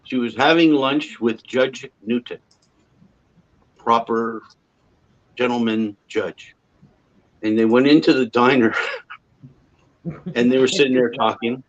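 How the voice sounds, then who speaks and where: A man's voice: mid-range voice, slow pace, long pauses, muffled recording. A man with a Canadian accent chatting casually as host of a livestream, a rambling storyteller who chuckles often.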